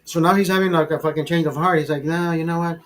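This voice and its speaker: Host, man in his forties, high voice, foul-mouthed, rambling stories, laughs a lot. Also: steady tone, quick pace, low-quality recording. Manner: profane, rambling, many restarts; calls the listener brother. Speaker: channel host. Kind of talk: casual storytelling over a beer.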